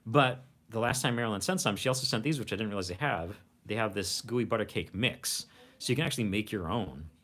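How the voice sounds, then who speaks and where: A man's voice: on the low side, a little fast, fairly bright tone. A man hosting a casual livestream from home, rambling along with frequent restarts. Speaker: host of a food review channel.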